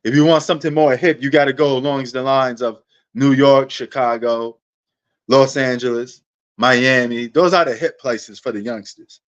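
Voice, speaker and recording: A man's voice: mid-range voice, steady tone, moderate pace, dull audio. A man hosting a sports livestream, rambling in a laid-back, casual way and talking straight to his viewers.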